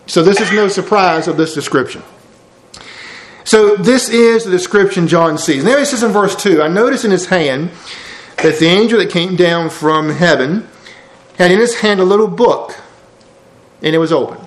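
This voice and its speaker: High-voiced preacher teaching verses. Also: male voice, moderate pace, a little hiss or hum, rough recording. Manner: folksy, explains verses line by line with asides. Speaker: preacher teaching a Bible study. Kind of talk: sermon.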